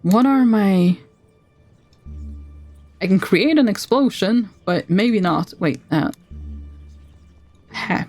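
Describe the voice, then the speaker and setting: A woman's voice: mid-range voice, expressive, darkish tone, faint music behind. Playful woman streamer reading a game. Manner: playful, muttering asides, reads narration briskly. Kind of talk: reading a text adventure game aloud with commentary.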